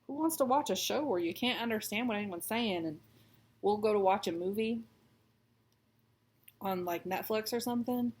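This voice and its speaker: A woman's voice: medium pitch, moderate pace, long pauses, darkish tone. A woman in her thirties, raised in Texas, chatting in a rambling, self-deprecating way while she stitches. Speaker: stitching vlogger. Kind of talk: casual chat while stitching.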